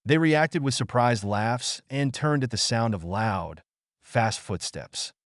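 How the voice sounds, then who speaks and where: A man reading an audiobook with expressive storytelling narration. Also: medium pitch, takes it slowly, dry recording, studio quality.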